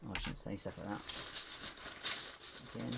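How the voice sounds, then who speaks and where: A man hosts a casual live stream while building with toy bricks, chatting and muttering to himself with self-mocking asides. His voice is on the low side with vocal fry, at normal speed, over steady background hiss and keyboard noise.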